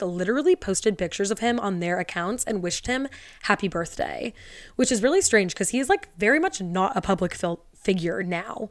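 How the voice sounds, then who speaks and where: Woman podcast host: casual storyteller with a wry, sarcastic edge, smooth voice, dry close sound. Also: medium pitch, no room sound. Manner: chatty, wry, sarcastic asides. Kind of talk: casual storytelling podcast, reading captions aloud.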